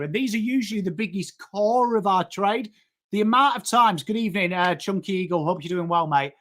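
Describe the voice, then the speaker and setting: A man's voice: high voice, fairly quick, pushed and bright. An English man with a Yorkshire accent hosting a live sports stream, chatty and matey, greeting viewers by name and swearing casually. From England. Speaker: host.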